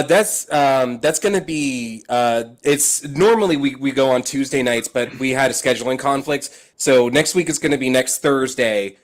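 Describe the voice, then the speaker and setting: Man co-host, rambling, lots of ums, casual chat. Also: medium pitch. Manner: rambling, full of fillers. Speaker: podcast co-host and streamer.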